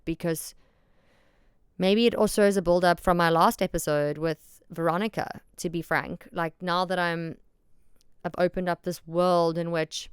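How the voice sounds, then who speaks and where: A woman's voice: sits low, clear, resonant tone, no echo, clean studio sound. A woman hosting a solo podcast, talking candidly and emphatically, often repeating herself and swearing freely. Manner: frank and self-deprecating, swears freely. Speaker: podcast host.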